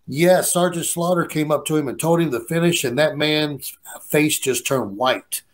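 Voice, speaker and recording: A man's voice: a little high, moderate pace. Profane man telling a story, laughing. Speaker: guest storyteller. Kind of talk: casual storytelling.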